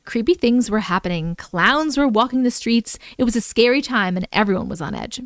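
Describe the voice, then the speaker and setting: A woman's voice: on the high side, animated, a little fast, dry recording, clean studio sound. A woman hosting a casual livestream, chatting and reading viewers' stories aloud in a playful manner that keeps breaking into jokes.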